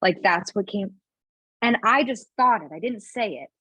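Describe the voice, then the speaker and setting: A woman in her thirties, appearing as a podcast guest, tells a personal family story candidly and emotionally, talking fast and filling her speech with "like." Her mid-range voice is expressive, fairly bright, and husky, with no echo. The remote recording sounds dull and slightly lo-fi.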